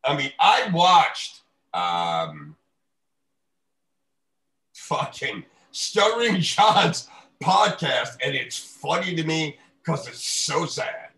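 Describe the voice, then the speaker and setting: A man's voice: fairly high pitch, very animated, drawn-out words, sharp tone. A man ranting profanely in a casual podcast chat. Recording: roomy echo.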